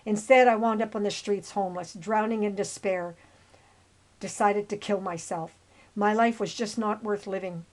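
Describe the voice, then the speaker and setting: A woman's voice: mid-range voice, fairly even intonation, normal speed, rough recording. Earnest, rambling woman in her seventies. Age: 70s. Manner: earnest and rambling, with restarts and asides. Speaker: narrator of her own life story. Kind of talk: personal storytelling over old photos.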